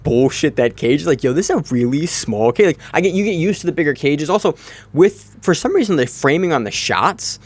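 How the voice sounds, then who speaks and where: Fast-talking, chatty male podcast host. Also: fairly high pitch, animated. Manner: fast, loose and chatty, with casual swearing. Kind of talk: casual podcast chat.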